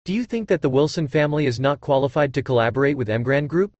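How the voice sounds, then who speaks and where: A man voicing a calm, confident young husband in an audiobook, speaking with a teasing edge. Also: medium pitch, fast, no echo, highs cut off, close to an everyday voice. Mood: mocking.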